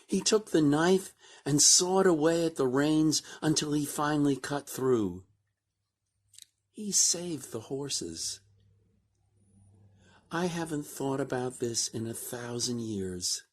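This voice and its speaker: A woman performs a recited monologue, drifting slowly through her lines. Her pitch rises and falls freely, giving the telling a lively, musing shape. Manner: slow, reflective storytelling, lively rising and falling pitch.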